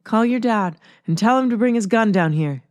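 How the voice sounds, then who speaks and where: A woman's voice: on the high side, animated, moderate pace, dry recording, studio quality, natural voice. A woman voicing an elderly woman startled awake, scolding and exasperated, in a storybook reading.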